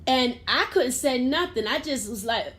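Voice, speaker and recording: High-voiced woman, laughing. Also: normal speed. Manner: laughs often, excitable retelling. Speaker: co-host. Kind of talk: casual podcast chat.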